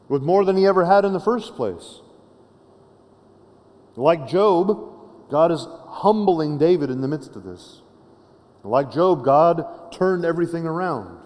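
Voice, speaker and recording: A man preaching to a church in an easygoing, conversational manner, stumbling over and repeating words as he thinks aloud. His voice sits somewhat high for a man. The sound carries a long reverb from a large hall. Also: darkish tone. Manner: conversational preaching with frequent restarts and tag questions. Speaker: pastor. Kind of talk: sermon.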